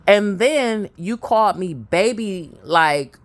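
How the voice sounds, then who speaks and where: Slow, lively-voiced woman telling a story. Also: medium pitch. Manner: laughs often while telling the story; addresses viewers directly. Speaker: vlogger. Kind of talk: storytelling monologue.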